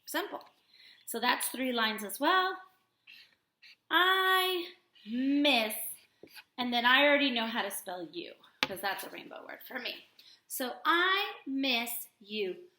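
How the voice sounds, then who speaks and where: A woman teaching young children to write a letter, talking slowly and stretching out sounds. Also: on the high side, lively intonation, sharp tone, echoey room. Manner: slow, sing-song teacher voice that stretches out sounds. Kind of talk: remote writing lesson for young children.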